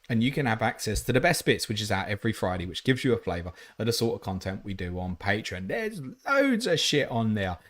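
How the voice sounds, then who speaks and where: A man's voice: on the low side, a bit bright. A man hosting a live fantasy football stream, reading out chat questions and answering them bluntly, with casual swearing. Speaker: fantasy football livestream host.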